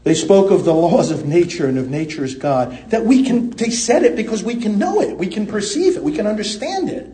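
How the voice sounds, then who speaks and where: An American man preaching a sermon with passion, swinging between loud emphasis and quiet asides. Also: high voice, animated, brisk, hardly any pauses, echoey room. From United States.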